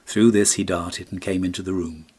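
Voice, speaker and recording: A man narrating a classic storybook in a measured, expressive reading. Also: sits low, slightly rough. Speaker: audiobook narrator.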